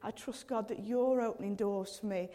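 A woman's voice: medium pitch, normal speed, mellow. A woman in her thirties preaching a sermon in an earnest, conversational way, often addressing God directly and using casual fillers. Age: 30s.

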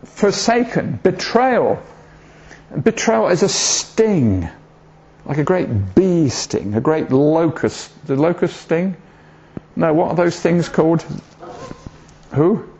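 A man's voice: a little high, sing-song, takes it slowly, pauses often, a little mellow. A man preaching an informal sermon in a church, chatty and jokey, often asking the congregation questions. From southern England. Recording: dull lo-fi church recording.

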